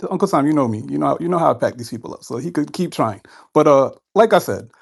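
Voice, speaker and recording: Raspy gravelly guy teasing and arguing, keeps saying right?. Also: on the high side, expressive. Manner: mocking, halting, repeats "right?". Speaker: debate caller. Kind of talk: heated online debate.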